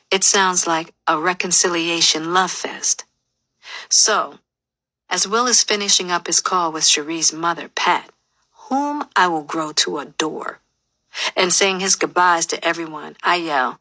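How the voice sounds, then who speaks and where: A woman with a low but bright, forceful voice reads her memoir aloud. She tells the story candidly and with open feeling. The close studio recording is completely dry. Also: a little slow, no echo. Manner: candid, emotionally expressive storytelling. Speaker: memoir narrator. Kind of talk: audiobook memoir narration.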